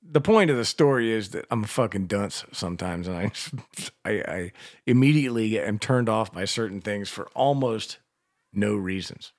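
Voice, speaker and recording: Older guy on a radio show, lowish voice, swears a lot, rambles through his stories. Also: lively intonation, moderate pace, no room sound, studio quality. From Washington, D.C. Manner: profane, rambling storyteller. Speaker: radio co-host. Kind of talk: casual radio banter.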